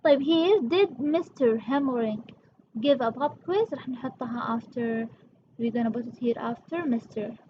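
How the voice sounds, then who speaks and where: A woman's voice: on the high side, moderate pace, highs cut off, background noise. A woman English teacher, explaining grammar step by step in a patient way and calling her students "my dear". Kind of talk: classroom revision lesson.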